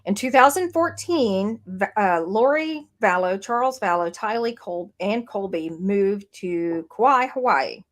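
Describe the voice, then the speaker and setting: A woman's voice: medium pitch, lively intonation, a little slow, few pauses. A woman co-hosting a true-crime podcast, recapping a case in a rambling way with many fillers and restarts. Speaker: podcast co-host. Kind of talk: casual true-crime chat. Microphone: streamed podcast mic.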